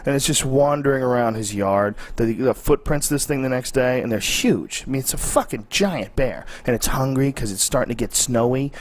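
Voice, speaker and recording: Mid-pitched man telling a story emphatically. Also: a little fast, hardly any pauses. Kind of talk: casual podcast chat.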